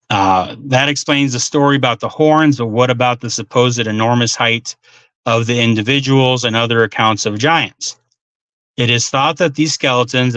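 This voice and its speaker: A man's voice: medium pitch, pushed and bright, smooth, dry recording. A man hosting a talk show, reading passages aloud and adding casual asides with frequent ums. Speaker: podcast host.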